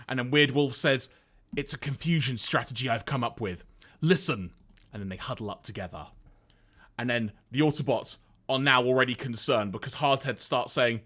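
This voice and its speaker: A man co-hosting a podcast, recapping an episode in a casual, animated way and reading out lines. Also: mid-range voice, normal speed. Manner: animated storyteller, reads out lines, laughs often. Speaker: podcast co-host.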